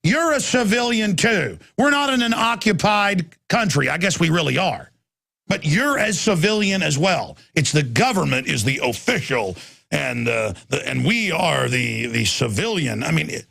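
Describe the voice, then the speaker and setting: Gravelly, ranting talk radio host. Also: male voice, a little high, very animated, normal speed. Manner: ranting, bursts into furious shouting. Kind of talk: angry talk radio rant.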